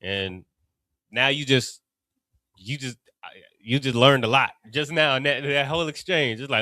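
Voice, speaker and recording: A man's voice: medium pitch, normal speed, sharp tone, dry recording. A man from Cincinnati with an Ohio accent, teaching a class in a loose, conversational way with many asides. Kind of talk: casual teaching talk.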